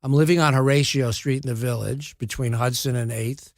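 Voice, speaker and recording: A man in his seventies, an actor and podcast guest, telling wry, self-deprecating stories in a relaxed way, often restarting his sentences. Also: mid-range voice, fairly quick, dry recording, clean studio sound. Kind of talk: casual anecdotal storytelling.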